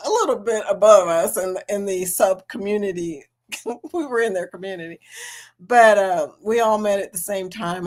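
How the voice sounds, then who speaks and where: A middle-aged woman hosting a casual livestream, reading the chat and talking with viewers in an animated way, laughing often and calling them girl and y'all. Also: mid-range voice.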